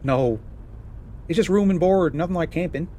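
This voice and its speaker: An actor playing a calm, fatherly fisherman with a Newfoundland accent, giving gentle folksy advice. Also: a little high, moderate pace, a little hiss or hum, close to an everyday voice.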